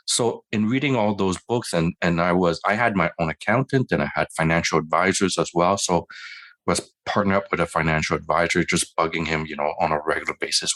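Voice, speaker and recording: A man's voice: low voice, a little fast, a bit bright. A middle-aged man, a physician guest in an interview, telling his own story in a conversational way and acting out his past dialogue. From Canada.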